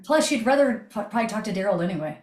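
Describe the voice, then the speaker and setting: A woman hosting a motivational video call, energetic and chatty, swearing casually. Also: mid-range voice, rapid-fire, reverberant. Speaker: host.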